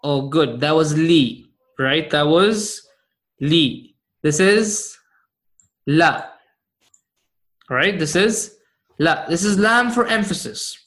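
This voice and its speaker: High-voiced man teaching slowly. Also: a bit bright. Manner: repeats key points and checks understanding with "right?" and "okay?". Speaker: Arabic grammar teacher. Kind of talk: classroom lesson explaining Quranic grammar.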